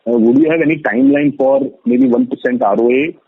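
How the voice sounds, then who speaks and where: Brief: male analyst, husky voice, halting questions, tinny phone line. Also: mid-range voice, expressive. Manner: hesitant, many fillers. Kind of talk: earnings call questions.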